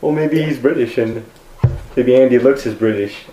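A man's voice: medium pitch, warm tone, slight background noise. Guy co-host teasing his buddy, laughs a lot, echoey room. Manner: teasing, laughing, quick to question. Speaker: podcast co-host. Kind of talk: casual podcast banter. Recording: roomy studio.

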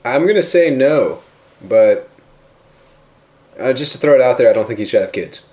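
A man co-hosting a loose comedy podcast in an average-pitched voice. He rambles through crude jokes and sometimes puts on a mock-offended tone. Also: animated, normal speed, dark tone. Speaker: podcast co-host. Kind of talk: casual comedy podcast chat.

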